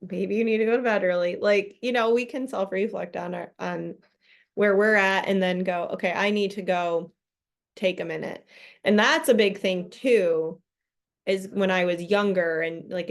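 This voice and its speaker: Woman, book club host, casual chat, animated, frequent laughter, mid pitch, video-call audio. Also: creaky. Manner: animated, laughs often, acts out quoted voices.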